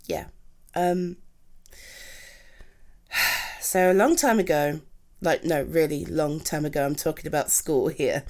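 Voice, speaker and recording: A woman performing a romantic comfort audio roleplay, gushing and reassuring as she speaks to an unseen partner. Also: sits low. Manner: slow, lively, swooping speech.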